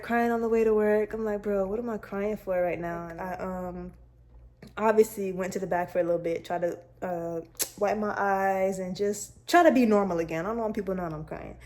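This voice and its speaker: A woman's voice: medium pitch, mellow, slight background noise. A young woman vlogger chatting candidly to her viewers, telling a personal story in a casual, direct way.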